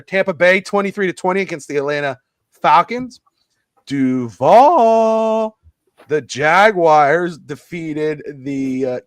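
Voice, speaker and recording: Middle-aged sports show host guy, high voice, rambly and excitable, laughs a lot, dry close sound. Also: no room sound. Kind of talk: casual live sports talk.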